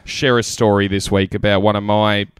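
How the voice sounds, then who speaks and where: A man's voice: fairly low pitch, level tone, normal speed, smooth, dry recording, studio quality. A young Australian man, a podcast co-host, telling a rambling, sweary story through laughs. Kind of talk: casual storytelling chat.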